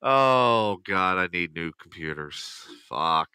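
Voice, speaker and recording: A man co-hosting a podcast, talking excitedly and swearing often. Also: deep voice, slow, clear, resonant tone, no room sound. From Texas. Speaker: podcast co-host. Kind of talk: casual live-stream chat.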